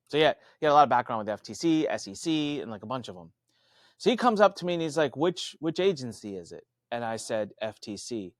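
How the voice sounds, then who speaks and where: A man speaking as a podcast guest, telling stories in an animated, conversational way and acting out other people's voices. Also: no echo, clean studio sound. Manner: animated, acts out quoted voices with big pitch jumps. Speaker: podcast guest, marketing coach. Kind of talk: conversational storytelling.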